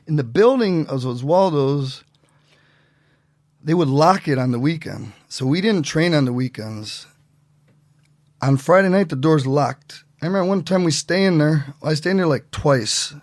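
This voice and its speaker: A man telling stories as a podcast guest in a casual, animated way, acting out what other people said. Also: on the high side, moderate pace, no echo, clean studio sound. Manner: animated, acts out quotes in voices. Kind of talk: casual storytelling.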